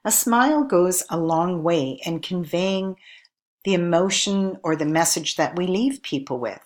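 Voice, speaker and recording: Low-voiced woman teaching a lesson. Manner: clear, measured teacherly delivery with questions to the viewer. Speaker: instructor. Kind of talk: recorded lesson narration.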